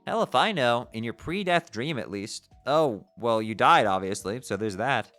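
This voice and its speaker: A man's voice: medium pitch, animated, moderate pace, fairly bright tone, soft background music, natural voice. A man voicing a bubbly, regal teenage sea-troll princess who drops "glub" into her speech as he reads a webcomic aloud. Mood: breezy.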